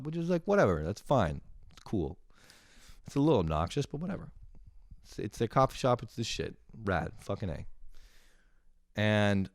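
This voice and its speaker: Brief: young male comic, low voice with a wide, lively swing, sarcastic and foul-mouthed, close dry sound. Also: no echo. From lives in Montreal. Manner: animated, sarcastic, swears a lot. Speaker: comedian ranting to camera. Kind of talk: profane comic rant.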